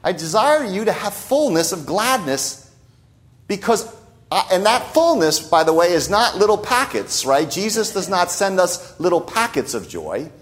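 A man's voice: high-pitched, very animated, moderate pace. A man preaching a sermon in a conversational way, often adding "right?" asides. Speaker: pastor.

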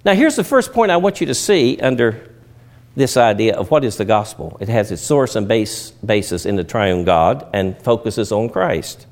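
A man's voice: lowish voice, sing-song, normal speed. A man preaching a sermon, with emphatic rises and drops and folksy turns of phrase.

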